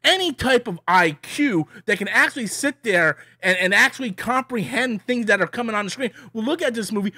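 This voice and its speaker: A man with a fairly high voice rants through a film review, circling back and restarting his sentences. The sound is dry and close, with no room around him. He comes across as annoyed and sure of his opinions. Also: expressive, a little fast, few pauses, sharp tone, dry recording. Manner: rambling, many restarts and repeats. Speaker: movie reviewer. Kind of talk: casual ranting review.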